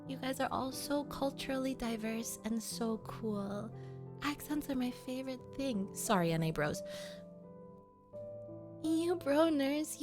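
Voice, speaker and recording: A woman VTuber streamer chatting casually with her viewers, playful and teasing as she coddles them. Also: high voice. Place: home streaming setup.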